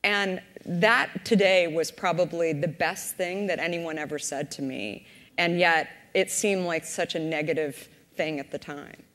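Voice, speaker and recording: Low-voiced woman telling a founding story. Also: measured pace. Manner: lively retelling, acting out quoted voices. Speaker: company founder on a panel. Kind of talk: storytelling at a panel discussion. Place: conference stage. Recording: reverberant conference hall.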